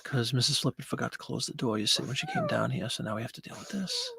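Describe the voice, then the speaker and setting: Guy doing a casual live stream from home, chatty, bit of a gravelly voice, dry close sound. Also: medium pitch, huge pitch swings, fast, hardly any pauses, sharp tone, no room sound. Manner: chatty, talks to viewers and baby-talks to his pet. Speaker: online seller hosting a live listing show. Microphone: desk microphone.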